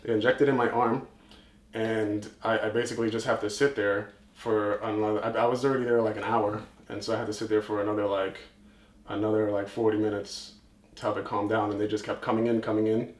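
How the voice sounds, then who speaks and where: A man co-hosting a podcast, telling a story in a rambling, animated way, acting out quotes and swearing. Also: fairly low pitch, fairly quick. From New York. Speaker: podcast co-host. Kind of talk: casual storytelling chat. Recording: echoey room.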